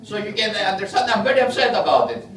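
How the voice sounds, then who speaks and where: A man's voice: sits high, fairly even intonation, fast, fairly bright tone. A man acting as MC in a small café bar, joking and hyping the crowd to welcome the next comedian. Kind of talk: introducing a comedian. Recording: echoey room from far off, noisy.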